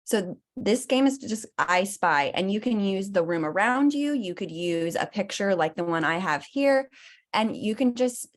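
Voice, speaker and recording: A woman presenting at a conference, explaining teaching terms in a clear, steady way. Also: medium pitch, a little slow. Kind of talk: presentation talk.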